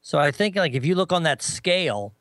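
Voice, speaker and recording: A man chatting casually as a co-host, telling a lively story and mimicking others in a high voice. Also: fairly quick, dry recording. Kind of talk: casual chat.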